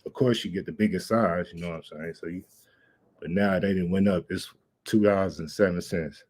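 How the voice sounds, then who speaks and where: Deep-voiced laid-back male livestream host. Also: fairly even intonation, brisk, a little mellow. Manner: laid-back, rambling, slangy. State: out of breath. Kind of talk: casual livestream chat.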